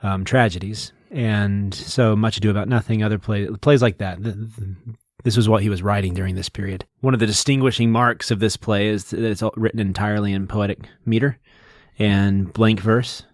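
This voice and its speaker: A man's voice: lowish voice, steady tone, normal speed, no room sound, clean studio sound. A man co-hosting a podcast, patiently explaining things in a casual, lecturing way. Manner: lecturing, patient, detail-heavy. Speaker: podcast co-host.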